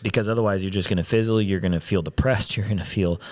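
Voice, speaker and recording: Podcast host, male, somewhat low voice, rambling casual delivery with restarts. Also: fairly even intonation, fast talker, a little mellow. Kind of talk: casual chat. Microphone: headphones and studio mic.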